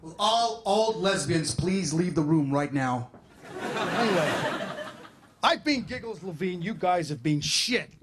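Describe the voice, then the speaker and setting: A man's voice: sits high, expressive, takes it slowly, background noise. A man doing a sleazy washed-up lounge crooner. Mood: sneering crooning. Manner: insulting the crowd while crooning a standard. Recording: live show with loud music and crowd. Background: music and audience laughter.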